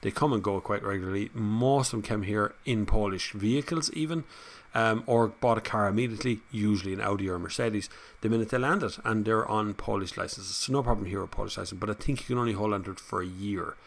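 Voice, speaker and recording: Laughing often, this chatty Irish host reads viewers' comments aloud during a casual live chat and rambles on between them. He talks fast, with a fairly low pitch and vocal fry.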